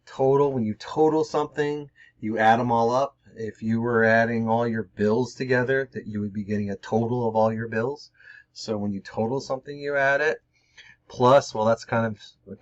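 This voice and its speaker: A man teaching a math lesson, explaining in a plain, repetitive way with some fillers. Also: medium pitch. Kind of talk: classroom lesson. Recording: dull lo-fi recording.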